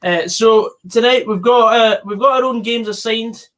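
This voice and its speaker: A man's voice: very high voice, normal speed, fairly bright tone. A man hosting a live football stream, chatting casually with co-hosts and reading out viewer comments, with plenty of fillers.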